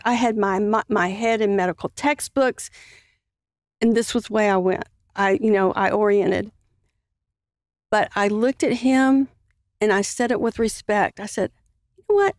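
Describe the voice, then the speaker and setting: A woman guest on a podcast, earnestly telling a personal story in a halting way with many fillers. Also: medium pitch, dry recording, studio quality.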